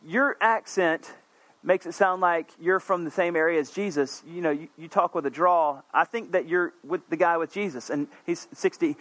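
A man preaching a sermon in an earnest, conversational way, with asides, climbing to emphatic peaks and falling back low and quiet. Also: moderate pace, dry recording.

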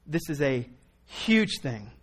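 A man preaching a sermon in an earnest, pleading way, moving from quiet reasoning to impassioned appeals. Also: a little high, very animated, takes it slowly, breathy edge. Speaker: pastor.

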